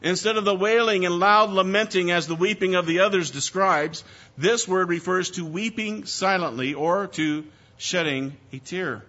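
A male pastor delivers a sermon with a high, bright voice. His preaching is measured, and he often drops soft and low. The recording sounds dull and lo-fi.

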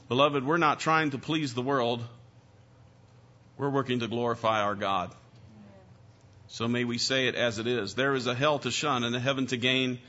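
A man's voice: mid-range voice, bright, forceful tone. A man preaching a sermon as pastor, emphatic and full of rhetorical questions. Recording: dull lo-fi church recording.

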